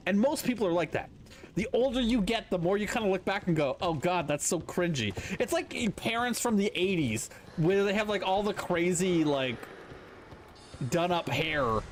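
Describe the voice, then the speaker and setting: A man in his thirties with a high voice, talking to his stream chat while he plays. His pitch jumps around a lot as he gives blunt opinions and swears often. A faint hum of room ambience sits underneath. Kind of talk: casual chat to stream viewers while gaming.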